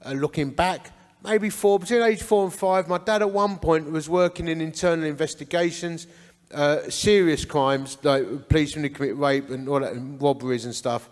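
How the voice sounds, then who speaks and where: A man's voice: on the high side, moderate pace, big-room sound. A man in his forties with an Essex accent, telling his life story to a church men's breakfast in an earnest, conversational storytelling way. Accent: Essex English. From Essex, England. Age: 40s. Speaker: men's ministry founder speaking at church breakfast. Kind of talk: testimony talk. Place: church hall.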